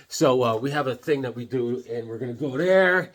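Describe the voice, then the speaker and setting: A man chatting casually as a comic book vlogger, joking and rambling with sudden loud bursts while he shows off his sketches. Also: medium pitch, moderate pace, few pauses. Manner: excitable, jokey, rambling, with sudden loud outbursts. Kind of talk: casual chat showing sketches.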